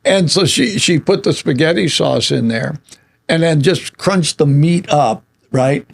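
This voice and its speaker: A man co-hosting a radio show chat, telling family stories in an animated way and laughing often. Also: on the high side, a little slow, vocal fry, slightly rough. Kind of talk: casual chat.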